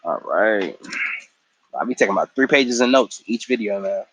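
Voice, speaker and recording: A man's voice: lowish voice, lively intonation, moderate pace, a bit bright, slightly rough, no echo, lo-fi sound. A tired man in a casual episode recap after a work shift, slangy and profane, acting out the characters' lines as he retells the story. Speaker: show recap vlogger.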